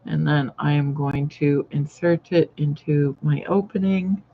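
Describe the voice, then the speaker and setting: A woman's voice: low voice, measured pace, slight background noise. A woman hosting a casual live sewing chat, rambling and greeting viewers by name as she works. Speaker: sewing channel host. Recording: dull lo-fi live-stream audio.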